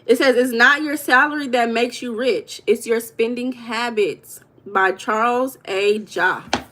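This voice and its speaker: A woman's voice: on the high side, fairly even intonation, unhurried, noisy background. A woman hosting a live stream, chatting casually and reading viewers' comments aloud with an affectionate manner. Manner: affectionate, calls viewers baby.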